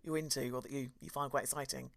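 A woman's voice: extremely low pitch, fairly even intonation, fast talker, gravelly. A woman hosting a casual chat, telling stories with frequent laughs and fillers. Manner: chatty, laughs often, many fillers. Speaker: podcast host.

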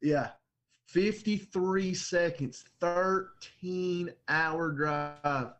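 A man's voice: sits high, drawn-out words, fairly bright tone, highs cut off. A man co-hosting a podcast in casual chat, telling jokey, laid-back stories. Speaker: podcast co-host.

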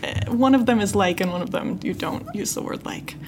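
A woman's voice: mid-range voice, a little fast, background noise. A woman co-hosting a casual talk as the learner, wry and chatty. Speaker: podcast co-host learning investing. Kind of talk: casual chat.

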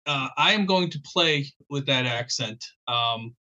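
A man, a guest author, talking candidly on a podcast, joking with plenty of halting restarts. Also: mid-range voice, expressive, sharp tone, muffled recording. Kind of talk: casual podcast interview.

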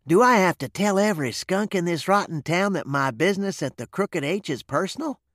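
A man's voice: on the high side, sing-song, a little slow, creaky, fairly bright tone, dry recording, clean studio sound, heavily acted. A man reading as a tart, hot-tempered cowboy. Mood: angry. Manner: tart, barking. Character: tough, quick-tempered young cowboy.

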